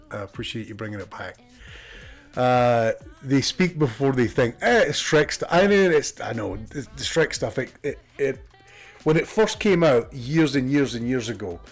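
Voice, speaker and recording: Sniffly Scottish man streaming a game. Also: medium pitch. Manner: chatty, swears freely, laughs often. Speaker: gaming streamer. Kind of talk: casual live-stream chat and gameplay commentary.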